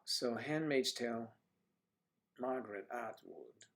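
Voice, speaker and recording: An older man hosting a casual livestream, chatting with viewers in a teasing way and dropping into soft asides. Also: mid-range voice, animated, slow, vocal fry, slight background noise. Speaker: livestream host. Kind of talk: casual chat reading viewer comments. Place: home livestream.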